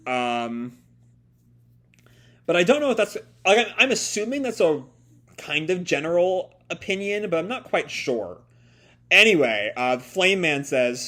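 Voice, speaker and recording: A man reading a comic aloud and reacting to it in casual, rambling chat full of fillers and laughs. His voice is slightly high and very animated in pitch. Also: normal speed. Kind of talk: casual live reading and commentary.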